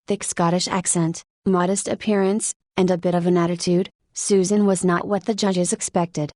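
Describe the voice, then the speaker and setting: A woman narrating a nonfiction audiobook in an even, measured reading. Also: on the low side, dry recording.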